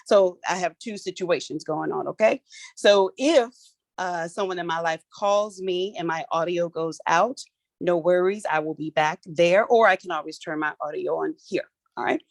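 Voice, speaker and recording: A middle-aged woman, hosting an online workshop in a playful, animated, colloquial way, talking into her phone on a video call. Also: fairly low pitch, normal speed, vocal fry, no echo. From Philadelphia, USA. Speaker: workshop host. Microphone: phone for audio on a video call.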